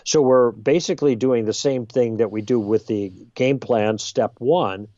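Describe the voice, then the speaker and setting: A man guest on a podcast, explaining ideas in a lively conversational way and acting out exchanges. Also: mid-range voice, a little slow, no echo, dull audio. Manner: lively, role-plays exchanges with emphasis. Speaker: guest author.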